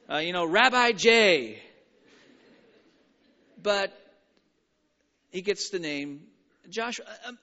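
High, bright-voiced male preacher. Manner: animated, stumbling restarts, playful asides. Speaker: pastor. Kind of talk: sermon. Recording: reverberant hall, dull sound.

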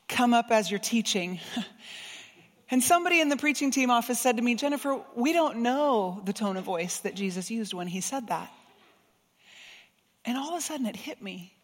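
A woman preaches a sermon in a high voice, carried by the long reverb of a church hall. She is expressive, moving from soft, gentle passages to emphatic ones.

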